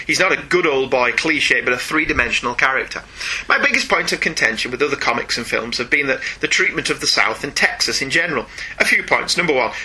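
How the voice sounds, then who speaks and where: Male co-host, playful mail reader; bright, husky tone. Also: fairly high pitch, poor audio. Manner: playful, laughs often, reads mail aloud. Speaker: podcast co-host reading listener email. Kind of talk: casual chat.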